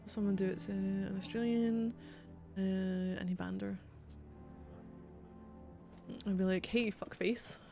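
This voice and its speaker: A woman's voice: medium pitch, steady tone, a little slow, vocal fry, pauses often, warm tone, faint music behind. A woman streaming a video game, chatting bluntly and casually with plenty of swearing. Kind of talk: casual livestream commentary.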